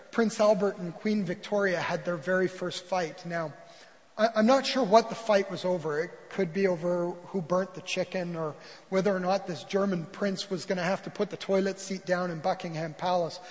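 A man's voice: high voice, long reverb tail, rough recording. A man preaching a sermon as a pastor, telling a story and acting out the quoted voices.

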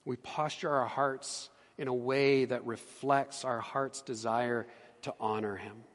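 A middle-aged man, a pastor, preaching a sermon with earnest emphasis that drops to hushed tones. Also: medium pitch, steady tone, measured pace, in a large hall. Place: church sanctuary.

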